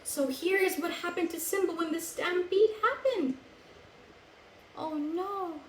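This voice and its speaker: A woman with a Filipino accent, storytelling for children in an animated, sing-song way and coaxing them to join in. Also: very high voice, moderate pace, roomy sound, slight background noise, low-quality recording. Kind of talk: live storytelling for kids.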